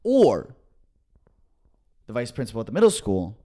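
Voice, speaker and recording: A young man co-hosting a podcast tells a story in a casual chat at normal speed, animated throughout and acting out quotes with big jumps in pitch.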